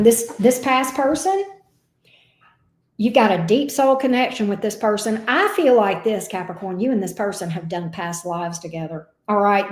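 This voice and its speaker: A woman's voice: medium pitch, a little mellow, echoey room. A woman giving a casual, emotional tarot reading. She talks expressively and swears now and then. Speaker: tarot reader.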